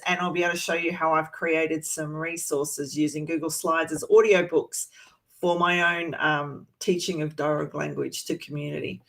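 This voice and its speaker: An Australian woman from Sydney, a language teacher giving an online presentation and explaining patiently with frequent ums. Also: deep voice. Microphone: video call.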